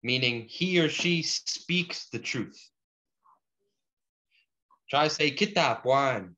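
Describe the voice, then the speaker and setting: A man teaching a relaxed language lesson, slowing down to drill words and using casual fillers. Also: fairly high pitch. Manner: slow deliberate pronunciation drills, casual fillers. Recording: dull lo-fi sound.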